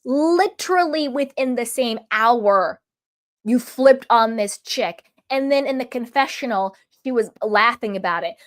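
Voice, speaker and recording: A woman giving an emphatic, opinionated recap of a reality show episode in a casual vlog, full of quick asides. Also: fairly high pitch, lively intonation. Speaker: reality TV reviewer.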